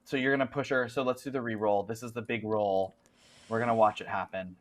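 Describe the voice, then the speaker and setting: A man running a tabletop horror game as game master, narrating animatedly and often laughing. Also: lowish voice. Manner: animated, quick to laugh, filler-heavy.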